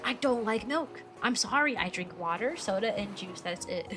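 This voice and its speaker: A woman's voice: mid-range voice, lively intonation, moderate pace, hardly any pauses, fairly bright tone. A young adult woman streaming as a VTuber, rambling through casual chat with giggles and self-deprecating jokes. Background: background music.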